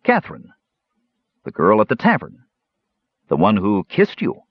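A man's voice: on the low side, huge pitch swings, a little slow, breathy edge, no room sound, highs cut off, full character voice. A man voicing a big, loyal male warrior who talks in an earnest, urgent way in an audiobook. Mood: urgent calling. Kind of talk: audiobook character voice.

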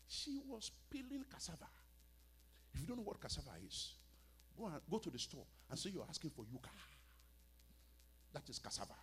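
A man preaching a sermon, with a husky voice that sits high for a man. He is dramatic and swings between hushed lines and loud ones, and his pitch leaps all over. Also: wildly swooping pitch, moderate pace, pauses often. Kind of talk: storytelling sermon.

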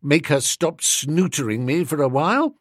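A man's voice: fairly high pitch, animated, normal speed, no room sound, clean studio sound. Bertie, a man doing a chirpy young toff. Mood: excited. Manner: eager, chirpy, exclamatory. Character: excitable young upper-class gentleman, cheerful.

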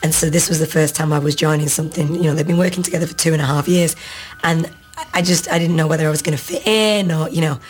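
A woman's voice: low-pitched, steady tone, fast, a little hiss or hum. A woman actress being interviewed, chatting freely and laughing often. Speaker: actress guest. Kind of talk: casual interview.

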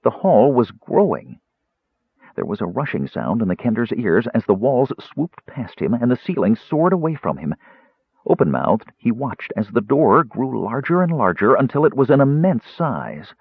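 A man narrating a fantasy novel aloud in an expressive storytelling way. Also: medium pitch, normal speed, breathy edge, no echo. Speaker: audiobook narrator. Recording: tinny phone-like sound.

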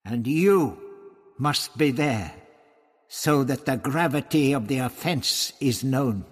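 A man voicing a menacing male high priest who hisses his words, in an audiobook reading. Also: animated, takes it slowly, slightly rough, in a large hall. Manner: hissing, menacing.

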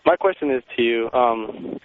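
A man's voice: medium pitch, moderate pace, a crowd in the background. A man calling in to a radio talk show, asking hesitant, stammering questions. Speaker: caller. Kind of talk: phone-in call to a radio show. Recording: tinny phone line with noise.

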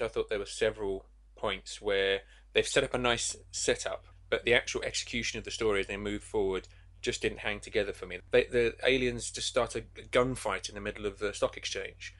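A male forum moderator with a lowish voice gives a candid review in casual chat. He trips over the starts of his sentences. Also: a bit bright.

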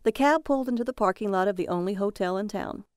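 A woman narrating a noir horror story in a steady, measured way. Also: medium pitch, smooth, no room sound, studio quality.

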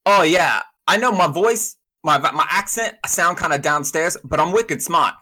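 A man voicing a cheerful, rough-spoken young male scholar with a folksy way of talking. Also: fairly high pitch, lively intonation, quick pace, bright, forceful tone, heavily acted. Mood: boastful.

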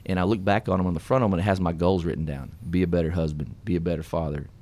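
A middle-aged man hosting a radio show, telling his story in an earnest, animated, folksy way. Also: deep voice, rapid-fire. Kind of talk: casual storytelling and motivational talk.

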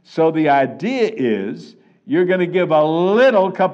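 A man's voice: on the high side, sing-song. Guy preaching a sermon, leans hard on key words, muffled lo-fi sound. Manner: emphatic, slows down and stresses key words. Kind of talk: expository sermon. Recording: dull lo-fi recording.

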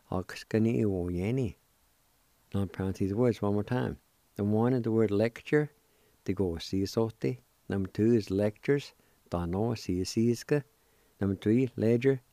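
A man with a Cherokee accent teaching vocabulary on a radio show, spelling and pronouncing each word slowly and deliberately, syllable by syllable. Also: on the low side, warm tone, dry recording. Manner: slow, deliberate, drawn-out syllables. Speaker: language teacher.

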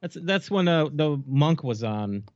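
A man's voice: a little high, animated, unhurried, a little mellow, no echo, muffled recording. A man co-hosting a podcast, laid-back, giving short replies and laughing easily. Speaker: podcast co-host. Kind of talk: casual chat.

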